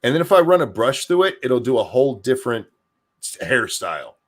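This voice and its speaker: Here an older man runs a casual streamed talk show, his mid-range voice brisk. Lively and foul-mouthed, he keeps making self-deprecating jokes.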